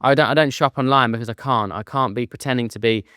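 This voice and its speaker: An English man speaking as a guest in an interview, earnest and candid about feeling low. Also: fast, pushed and bright, clear, resonant tone, no room sound, clean studio sound.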